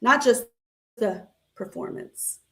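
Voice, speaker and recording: A woman poet reading her dedication poem in a measured, deliberate way. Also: on the high side, expressive, vocal fry, fairly bright tone. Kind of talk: spoken word poetry reading.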